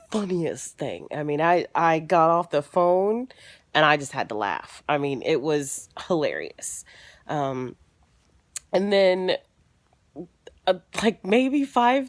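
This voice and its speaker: A young adult woman, pregnant, telling a story casually to her viewers, dropping into hushed asides now and then. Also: on the low side, dry recording. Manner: animated, drops to hushed asides. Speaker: vlogger.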